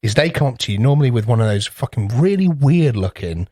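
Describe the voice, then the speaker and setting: A man's voice: mid-range voice, animated, fast, warm tone, dry recording, studio quality. A man co-hosting a podcast in casual chat, rambling through anecdotes, swearing freely and acting out little voices. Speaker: podcast co-host.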